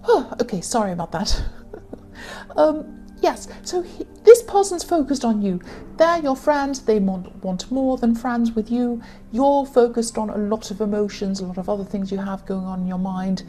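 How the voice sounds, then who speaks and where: A woman giving a tarot reading to her viewers, talking in a halting way with many fillers and self-corrections. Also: medium pitch, lively intonation, mellow, faint music behind. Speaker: tarot reader.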